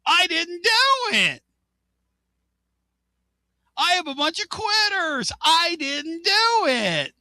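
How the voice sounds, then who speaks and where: A man's voice: extremely high pitch, big pitch swings, slow, long pauses, bright, forceful tone, no echo, voice pushed up, heavily acted. A man doing a sarcastic impression of a smug woman coach, dragging out his words in a sing-song way. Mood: mocking.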